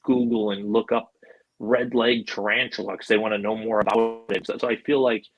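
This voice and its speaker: A middle-aged man from Buffalo spinning stories as a podcast guest. His voice sits fairly low and sounds dry and close, with almost no room sound. He rambles in a loose, chatty way, with plenty of fillers and casual swearing. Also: level tone, moderate pace, no echo, lo-fi sound. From Buffalo, New York, USA. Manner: loose and chatty, full of "like" and "you know", swears freely. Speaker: podcast guest, animal handler. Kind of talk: casual storytelling.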